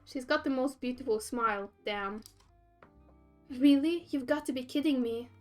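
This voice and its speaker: A woman's voice: high-pitched, moderate pace. A woman streamer giving casual, giggly commentary while playing a dating game. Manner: giggly, reacting out loud. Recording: faint game music behind.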